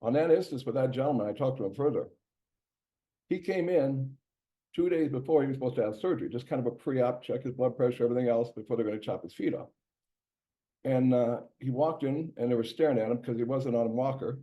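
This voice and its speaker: A man's voice: medium pitch, a little fast, dark tone. A man, a doctor, giving a casual health presentation in a conversational way, with many fillers and restarts. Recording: dull lo-fi recording.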